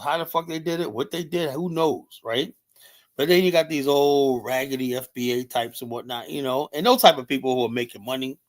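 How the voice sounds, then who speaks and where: An American man hosting a casual commentary livestream, talking loosely with lots of fillers and profanity. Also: medium pitch. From United States. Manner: loose, rambling, heavy filler words and profanity. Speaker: livestream host.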